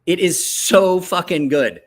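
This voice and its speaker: Excitable, foul-mouthed man chatting. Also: slow. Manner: excitable, swears freely, jumps up in pitch when quoting himself; rambling with many restarts. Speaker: knife reviewer. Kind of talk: casual show-and-tell chat.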